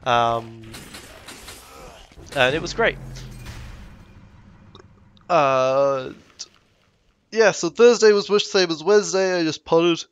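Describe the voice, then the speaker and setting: A man's voice: a little high, slow, long pauses, smooth, no room sound, highs cut off. A young man vlogging casually, rambling with frequent self-corrections and indignant asides. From Britain. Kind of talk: casual rambling travel vlog.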